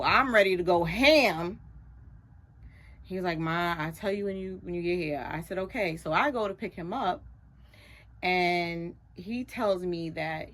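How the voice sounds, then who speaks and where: A middle-aged woman, a radio show guest, animatedly retelling a story and acting out other people's lines in a higher voice. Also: a bit bright. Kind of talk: storytelling in a casual chat.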